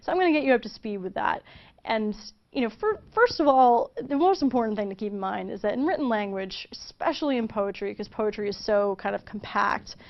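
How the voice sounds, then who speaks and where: Woman explaining stuff in a chatty teacher way, lots of "you know", mid pitch, kinda muffled lo-fi audio. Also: lively intonation, brisk. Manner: chatty, informal, many fillers and restarts. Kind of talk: casual video lesson.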